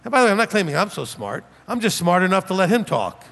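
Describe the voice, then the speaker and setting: A man's voice: high-pitched, big pitch swings, quick pace, a bit bright. A man, a rabbi, giving a sermon with emphatic rhetorical questions and mocking imitations of his critics. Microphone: preaching without notes, standing. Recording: long hall reverb.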